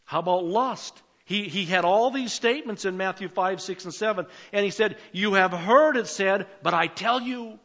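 An older man preaching a sermon as pastor, swinging between emphatic calls and quiet asides. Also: high-pitched, moderate pace, hardly any pauses, dull audio.

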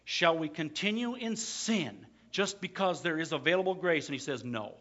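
A pastor preaching to his congregation, a man with a fairly high, bright, forceful voice. He drops to quiet, close asides, then builds to loud, emphatic declarations. The recording sounds muffled and lo-fi. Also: animated, normal speed, few pauses. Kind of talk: sermon.

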